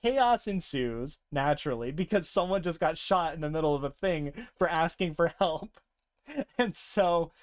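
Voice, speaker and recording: Animated young man telling a game story. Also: normal speed. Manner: animated, laughing often, breaks into high-pitched character voices. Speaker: podcast co-host. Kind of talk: casual storytelling about a tabletop game.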